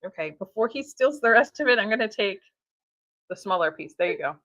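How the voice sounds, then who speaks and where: A woman's voice: medium pitch, lively intonation, moderate pace, fairly bright tone, dry recording. A woman hosting a live stream for her tea shop, talking in a chatty, upbeat way with fillers and laughs. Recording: dull lo-fi stream audio.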